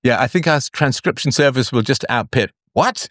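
A man's voice: medium pitch, brisk, a bit bright, no echo, studio quality. A man hosting a live call-in show, blunt with crude asides, swinging his voice up and down as he talks. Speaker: host.

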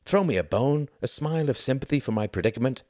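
A man's voice: medium pitch, expressive, fast, darkish tone, dry recording, studio quality, voice pushed up, lightly acted. A man putting on a fretful mother's raised voice. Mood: flustered. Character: anxious middle-aged mother, wry and self-conscious.

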